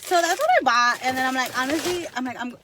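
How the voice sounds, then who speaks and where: A woman's voice: high voice, quick pace, noisy background. A woman vlogger chatting casually to her followers, rambling and gushing with lots of "like" and the odd Spanish word. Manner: rambling and gushing, heavy use of "like", drops in Spanish words. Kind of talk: casual chat to camera.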